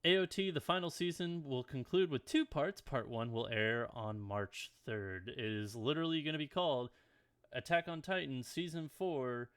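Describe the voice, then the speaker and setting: A man reading anime news on a casual podcast, his voice sitting at an ordinary middle pitch. He moves from headline to headline and drops blunt, profane asides in between. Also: normal speed, fairly bright tone, smooth. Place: home, dog at his chair.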